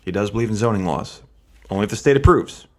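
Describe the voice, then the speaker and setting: A man's voice: on the low side, lively intonation, fast, darkish tone. A man hosting and giving commentary, emphatic and full of rhetorical questions. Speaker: host.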